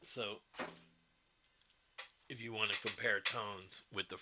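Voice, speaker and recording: A man's voice: lowish voice, fairly even intonation, slow, background noise. A middle-aged man hosting a livestream, chatting casually with his viewers and rambling as he answers their comments. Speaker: livestream host.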